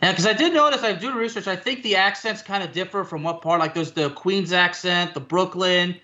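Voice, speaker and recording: A man's voice: high voice, brisk, pushed and bright. A man whose first language is French, co-hosting a radio show, rambling and correcting himself as he talks. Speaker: radio co-host. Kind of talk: casual radio banter. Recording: slightly dull lo-fi sound.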